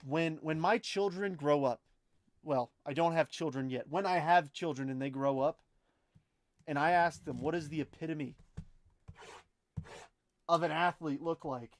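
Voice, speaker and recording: A young man runs a live card break in a slightly high voice. He rattles off an easy stream of commentary and calls out to his viewers by name. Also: no room sound. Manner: chatty, excitable, talks to chat viewers by name.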